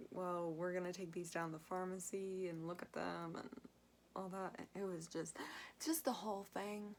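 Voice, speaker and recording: A woman's voice: lowish voice, slight background noise. Rambling young woman telling a personal story. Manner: rambling, many fillers and asides. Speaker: vlogger.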